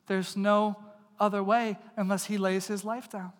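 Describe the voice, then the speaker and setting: A man preaches with earnest conviction, pressing his points hard and then dropping to a hush. His voice sits high for a man. It carries a long reverb that fills a large church. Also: little pitch movement, a little slow. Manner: earnest, swings from loud emphasis to hushed intimacy. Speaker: pastor. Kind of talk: sermon. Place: church sanctuary.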